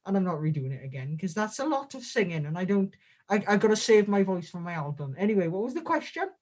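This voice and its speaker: Deadpan rambling man. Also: high voice, fast talker. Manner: deadpan, rambling absurd jokes. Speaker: guest. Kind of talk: comedic in-character interview.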